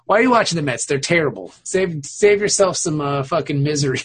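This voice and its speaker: A man's voice: fairly high pitch, animated, brisk, breathy edge. A man co-hosting a casual comedy podcast, joking, swearing and laughing often as he chats. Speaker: podcast co-host.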